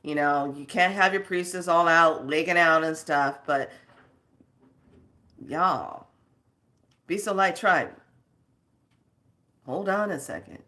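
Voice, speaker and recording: A woman's voice: low-pitched, takes it slowly, long pauses, sharp tone. A woman hosting a spiritual video channel, scolding her viewers in casual talk, rambling off on tangents and laughing between stories.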